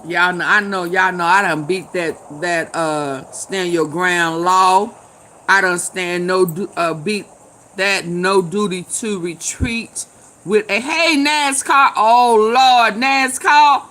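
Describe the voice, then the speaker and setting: A tipsy woman, hosting a casual live chat, loud and laughing, swearing and calling out viewers by name. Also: lowish voice, takes it slowly. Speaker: live stream host.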